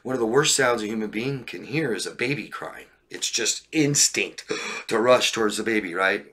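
A man's voice: fairly low pitch, expressive, normal speed, fairly bright tone, a little hiss or hum. A man coaching on relationships during a live stream, reading viewer questions and answering bluntly, often checking in with "right?" and "okay?".

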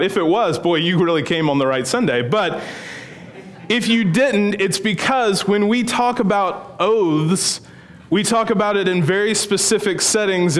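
A middle-aged male pastor preaching a sermon in a church, telling a story in a conversational, humorous way. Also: on the high side. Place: church sanctuary.

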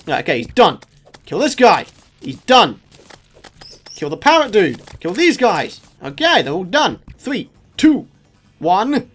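A young man commentating his own gameplay, excitable and shouting at enemies as he fights. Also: high-pitched. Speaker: gaming YouTuber. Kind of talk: let's play commentary.

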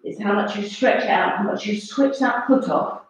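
A woman fitness instructor coaching a workout class with brisk, encouraging commands and counts. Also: medium pitch. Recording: very echoey, distant, dull-sounding room recording.

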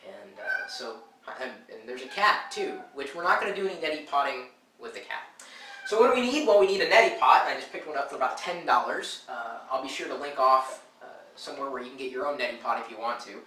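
A man's voice: medium pitch, fast, distant mic. A man with a stuffed-up, nasal voice chatting casually for a home video, rambling with lots of fillers. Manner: rambling with many filler uhs. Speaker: vlogger. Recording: bright echoey room, a bit off-mic.

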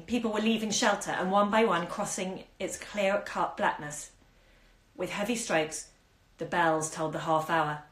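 A woman reading a short story aloud at home, giving the dialogue small acted turns. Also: lowish voice. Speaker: bookshop owner reading aloud. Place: indoors at home during lockdown. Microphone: phone on a live stream. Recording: echoey room on a phone stream.

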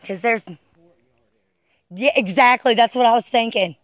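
A woman with a higher-pitched voice walks along a wooded trail, vlogging on the phone in her hand at an unhurried pace. She lets out breathless exclamations and keeps telling viewers to look, and there's no room sound.

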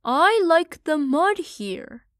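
A woman's voice: high-pitched, big pitch swings, very slow, fairly bright tone, no echo, studio quality, voice pushed up, heavily acted. A woman voicing a carefree little boy pig who loves mud, eager and childish in an audiobook. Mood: eager whiny. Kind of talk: audiobook character voice.

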